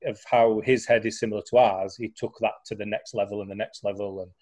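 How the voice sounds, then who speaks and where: In a fairly low, darkish voice with a level tone, this young man talks fast as he recounts his recovery in a relaxed conversation. He tells it chattily, stopping and restarting a lot and filling gaps with filler words.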